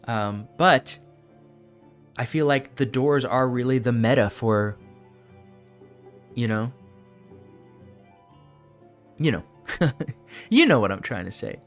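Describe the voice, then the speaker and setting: A man streaming a game, talking to himself and his viewers in a loose, chatty way, laughing often as he works things out. His pitch sits mid-range, and soft music plays faintly behind him. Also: animated, takes it slowly, pauses often. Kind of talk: casual live-stream gaming chatter.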